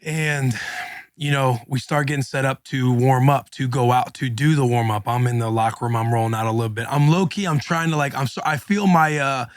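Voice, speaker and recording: A man co-hosting a casual podcast, recounting events in loose, slangy bursts. His voice is mid-pitched and sits right on a dry, close microphone with no room sound. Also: no room sound. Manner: animated, slangy, quick retelling with acted quotes. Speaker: podcast co-host. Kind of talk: casual storytelling chat.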